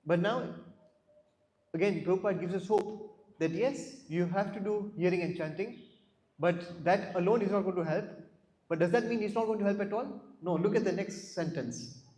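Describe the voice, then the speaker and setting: Speaking at normal speed with a high, darkish voice, this class speaker teaches scripture in a temple hall, posing questions to listeners and telling stories while frequently repeating words. The hall sounds echoey.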